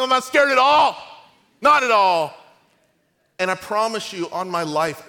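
A middle-aged man preaching a sermon, lively and conversational, acting out quotes in his stories, with a cold. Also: high voice, in a large hall. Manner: storytelling, animated and conversational, acts out quotes. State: has a cold. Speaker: pastor.

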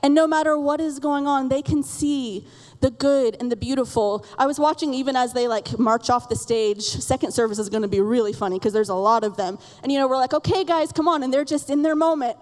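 A woman's voice: high voice, fairly quick, a little mellow. A woman in her thirties preaching a sermon from a church stage, telling candid and self-deprecating stories about her children and laughing often. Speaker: pastor. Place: church auditorium. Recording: reverberant sanctuary sound.

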